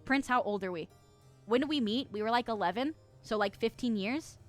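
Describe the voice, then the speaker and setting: A woman in her twenties chatting casually on a live stream, reading chat aloud, giggling often and getting excited. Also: a little high, fairly quick, soft background music. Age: 20s.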